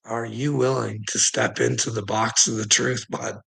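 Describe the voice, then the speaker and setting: A man's voice: mid-range voice, flat delivery, moderate pace, vocal fry, a bit bright, husky, low-quality recording. A man hosting a live stream, ranting at his chat in a combative, profane way and needling viewers by name. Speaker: livestream host.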